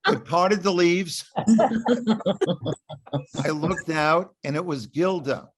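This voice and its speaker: An older man in his seventies spins a funny anecdote for a live audience with lively, self-mocking timing. His voice sits a little higher than most men's. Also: slow, slight background noise. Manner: animated, self-deprecating storyteller. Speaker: author speaking to an audience. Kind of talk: comic storytelling talk.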